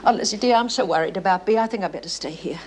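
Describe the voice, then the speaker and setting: An actress playing a gentle, worried female prisoner. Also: medium pitch, racing, natural voice. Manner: fretful, gentle. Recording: noisy old TV soundtrack.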